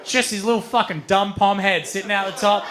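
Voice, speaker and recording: A man telling a long story on stage as a stand-up comedian, swearing freely and getting animated. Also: sits high, fairly quick, background noise. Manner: animated, swearing, building to shouts.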